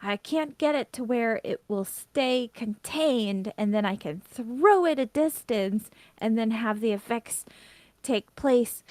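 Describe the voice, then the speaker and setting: A high-pitched, excitable little gnome tinkerer, as a woman puts her on, rambling about her inventions and quick to get huffy. The voice sits close and dry. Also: dry recording. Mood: frustrated.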